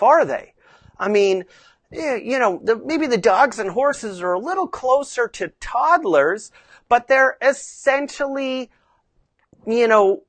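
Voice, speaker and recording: A woman instructor teaching carriage driving in a casual, chatty way, lively and acting out tones of voice. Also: medium pitch, measured pace, dry recording. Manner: conversational, chatty with fillers.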